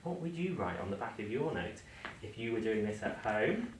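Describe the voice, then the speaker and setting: A man's voice: lowish voice, very animated, moderate pace, noisy background. A man performing as a magician, giving live playful patter to a volunteer at an indoor venue. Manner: playful, teasing. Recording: echoey room, mic at a distance.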